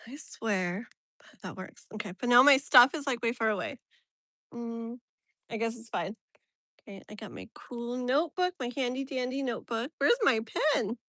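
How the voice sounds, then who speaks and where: A woman's voice: fairly high pitch, animated, normal speed, fairly bright tone, dry recording. A young woman hosting a casual live stream outdoors, chatty and exasperated, laughing often. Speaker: tarot reader live-stream host. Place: outdoors near a tree.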